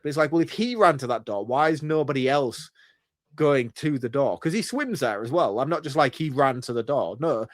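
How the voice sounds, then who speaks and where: A man in a mid-pitched voice rambles through his gripes about a film in casual podcast chat. He questions and laughs along, and the sound is dry and close. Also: lively intonation, fairly quick, no echo. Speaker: podcast co-host.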